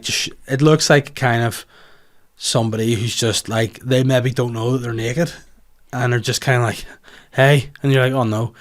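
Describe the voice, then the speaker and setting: A man with a Northern Irish accent runs his own comedy podcast, talking in a loose, rambling, animated way. He swears freely and riffs from one tangent to the next. His voice sits at an ordinary middle pitch. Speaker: podcast host. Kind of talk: casual comedic monologue.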